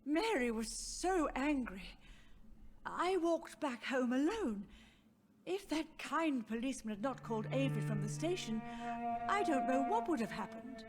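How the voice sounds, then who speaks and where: A woman's voice: high voice, animated, a little slow, music in the background. Frail old mother, grieving. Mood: confused. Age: older. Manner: soft, wandering, sorrowful. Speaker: game character. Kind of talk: video game dialogue.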